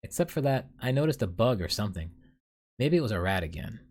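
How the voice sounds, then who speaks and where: A man with a lowish voice hosts a solo podcast. He recounts his dreams in a loose, rambling way, full of ums and likes, and often pokes fun at himself. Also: sing-song, fast, a little mellow, slightly rough. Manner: rambling, self-deprecating, many fillers. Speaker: podcast host. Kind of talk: casual solo storytelling.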